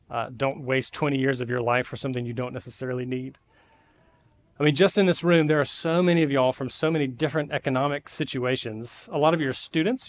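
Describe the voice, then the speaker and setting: A man preaches in a church, speaking in a relaxed, conversational way. His voice sits at a mid pitch, and he often fills pauses with "uh.". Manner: conversational, frequent "uh" fillers. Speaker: pastor. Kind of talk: sermon. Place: church sanctuary.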